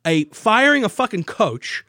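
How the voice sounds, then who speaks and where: A man's voice: high voice, big pitch swings, measured pace, bright, forceful tone, dry recording, studio quality. A man co-hosting a podcast, arguing heatedly and profanely, cutting in over his partner. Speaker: podcast co-host. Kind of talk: heated casual sports argument. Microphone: podcast microphone.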